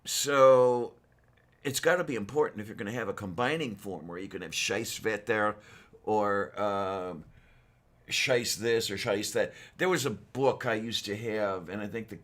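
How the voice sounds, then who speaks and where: A man chatting casually as a co-host, slow and unhurried, with a bright, sharp edge to his voice. He rambles and hesitates, filling gaps with ums and uhs. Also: lowish voice. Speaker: podcast co-host. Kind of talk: casual chat.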